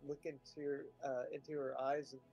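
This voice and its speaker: A man voicing his character in a tabletop game, describing his actions in a slow, halting way with many hesitations. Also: medium pitch, level tone, vocal fry, darkish tone, soft background music, poor audio. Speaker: player. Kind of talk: in-character tabletop role-play.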